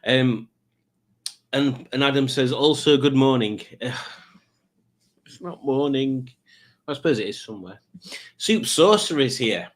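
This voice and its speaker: A man's voice: medium pitch, expressive, unhurried, long pauses. Rambling, wry male live-stream host. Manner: rambling, wry asides with frequent fillers. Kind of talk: casual live-stream chat reading viewer comments.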